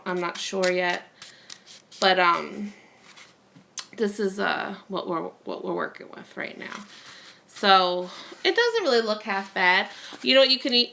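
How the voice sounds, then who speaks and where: A woman's voice: medium pitch, creaky, bright, forceful tone, slight background noise. A woman vlogging at home, chatting casually while crafting and telling a long rambling story full of fillers.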